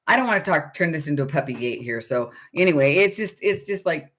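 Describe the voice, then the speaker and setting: Middle-aged lady chatting live w viewers, kinda low voice, rambly and full of fillers. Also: animated, brisk, a bit bright. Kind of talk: casual live chat.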